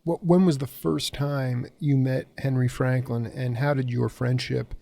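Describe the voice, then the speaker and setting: A man's voice: medium pitch, steady tone, measured pace, creaky, mellow. A man hosting a radio interview, asking earnest questions with restarts. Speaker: radio show host.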